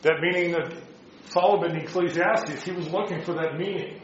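Man, Bible class teacher, slightly high voice, rhetorical questions, echoey dull recording. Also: steady tone, brisk, a little hiss or hum. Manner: asks the group rhetorical questions.

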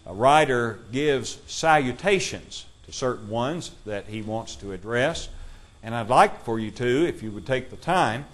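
A man teaching a Bible class, reading scripture aloud slowly and putting questions to his listeners. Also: mid-range voice.

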